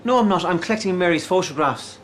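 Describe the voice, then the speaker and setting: A man's voice: high voice, lively intonation, fast talker, fairly bright tone, slight background noise. An actor playing a mild-mannered, middle-aged sitcom father who gets flustered, hesitant and defensive. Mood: patient. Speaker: sitcom character, family father. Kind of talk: sitcom acting.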